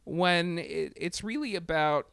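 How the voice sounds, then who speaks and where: A man talking loosely in a casual podcast chat, swearing freely and stumbling over fillers and restarts. His voice sits a little high and sounds smooth and clean. The mic is close and the room is dry. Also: measured pace, no room sound. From Latin America. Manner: profane, animated, many fillers and restarts.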